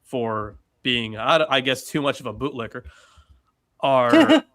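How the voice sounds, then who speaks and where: A man's voice: mid-range voice, big pitch swings, slow, a bit bright, no room sound. Rambling, casual man, dry sound. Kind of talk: casual podcast chat.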